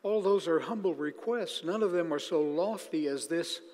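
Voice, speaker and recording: Male preacher, fairly high voice, deliberate and emphatic, long reverb of a big hall. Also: a little mellow. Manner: emphatic, slows down to stress key phrases. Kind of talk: sermon.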